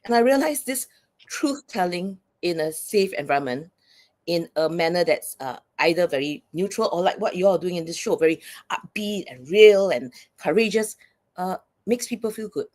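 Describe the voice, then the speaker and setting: Woman, interview guest, psychologist and coach, earnest, explanatory, lower voice, keeps asking "right?". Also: lively intonation, normal speed, darkish tone. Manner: earnest, often checks in with "right?".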